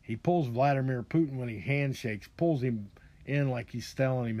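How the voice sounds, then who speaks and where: A man delivers a long, rambling opinion rant as a podcast host. His talk is heavy with profanity, and he keeps stopping and restarting his sentences. His voice sits at an ordinary middle pitch for a man. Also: normal speed, darkish tone. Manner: profane, ranting, frequent restarts.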